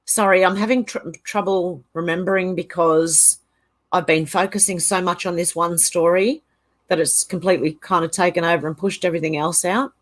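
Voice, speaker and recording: A woman's voice: on the low side, fairly even intonation, normal speed. An Australian woman hosting a casual livestream, reading viewer comments aloud and rambling through her reactions. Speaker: channel host.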